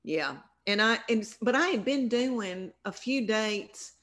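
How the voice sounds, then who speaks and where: A woman's voice: fairly high pitch, animated, a little slow, a bit bright. A middle-aged woman with a Southern US accent, a comedian telling rambling, self-deprecating stories in a casual interview. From American South. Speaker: comedian guest.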